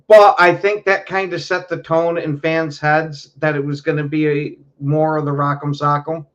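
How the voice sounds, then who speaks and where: A man co-hosting a podcast in casual chat, speaking in a measured, conversational way. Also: a little high, little pitch movement, muffled recording. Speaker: podcast co-host.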